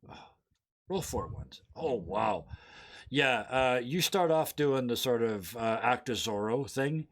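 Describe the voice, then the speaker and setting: A man's voice: mid-range voice, expressive, slow. A man narrating as game master of a tabletop role-playing game, laughing often and acting out the scenes.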